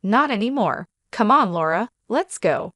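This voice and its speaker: A cold, growling grown son who sneers at his own mother, as a woman narrator puts him on, in a storybook reading. The voice stays close to the reader's own, middling in pitch and dry, with no room sound. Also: expressive, unhurried, a bit bright, no room sound. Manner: growling, scornful.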